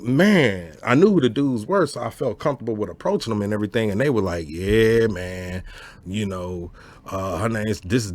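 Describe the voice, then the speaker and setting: A man telling a story in casual chat, animated and profane, laughing often and asking whether the listener gets his point. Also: medium pitch, breathy edge, dry recording. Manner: animated, profane, laughs often, keeps asking "you know what I'm saying". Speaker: storyteller host.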